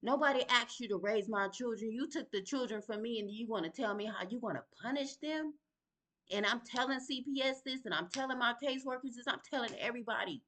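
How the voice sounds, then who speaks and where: A middle-aged mother vents in an emotional direct-to-camera vlog, heated and confrontational, calling out absent people in plain Southern vernacular. Her voice is fairly high and fairly quick, and she sighs and breathes to calm herself.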